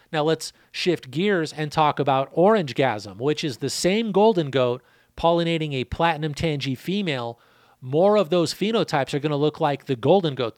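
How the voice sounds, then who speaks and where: Brief: casual male host, slightly higher pitch, dry close sound, easygoing and profane. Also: no echo. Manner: laid-back, swears casually, repeats numbers. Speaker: seed breeder and channel host. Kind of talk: casual answering of a viewer question.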